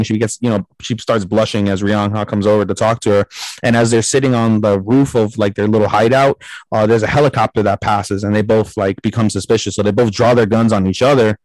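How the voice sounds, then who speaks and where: A man's voice: fairly low pitch, darkish tone, no echo, rough recording. A man casually recapping and rating a show, rambling with lots of fillers and swearing. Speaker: podcast co-host reviewing a show. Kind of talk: casual chat.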